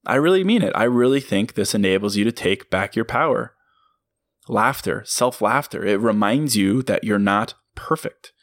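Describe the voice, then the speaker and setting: A man's voice: lowish voice, expressive, moderate pace, no room sound, clean studio sound. A man hosting a motivational solo podcast, talking earnestly and emphatically and breaking into laughs as he goes. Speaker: podcast host.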